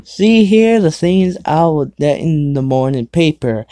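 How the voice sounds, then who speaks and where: A man's voice: on the high side, lively intonation, unhurried, mellow, dry recording. A man voicing a young daughter greeting her father while reading fan fiction aloud. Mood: chipper.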